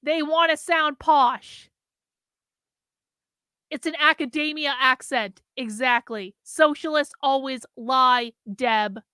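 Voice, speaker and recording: A woman's voice: high-pitched, slow, pushed and bright, dry recording, clean studio sound. A woman hosting a show, giving mocking reaction commentary to a video with sarcastic, repeated jabs.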